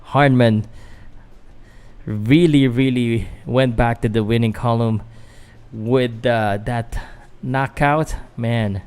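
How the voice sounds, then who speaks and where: A man's voice: mid-range voice, fairly even intonation, takes it slowly, darkish tone, clean tone. A Filipino man, a boxing vlogger doing casual live fight commentary, chatting loosely to viewers with fillers and restarts. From Philippines.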